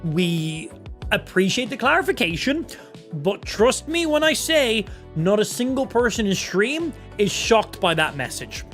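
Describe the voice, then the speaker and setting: A man's voice: high voice, sing-song, a little slow, fairly bright tone, soft background music. A young Irish man in his twenties chatting casually on a live stream, swearing freely and reacting to chat. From Ireland. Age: 20s. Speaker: gaming streamer.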